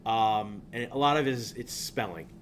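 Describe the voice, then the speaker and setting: A man's voice: fairly low pitch, normal speed, a bit bright, a little hiss or hum. A man from southern New England teaching a class, talking in a loose, rambling way that drifts off on tangents. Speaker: instructor. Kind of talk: classroom lecture.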